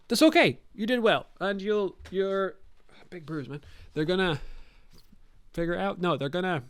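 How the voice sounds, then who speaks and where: A man's voice: on the high side, a bit bright, clean tone, no echo. A young man hosting a podcast, giving blunt, sweary, rambling advice to new dungeon masters in casual talk. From Scotland.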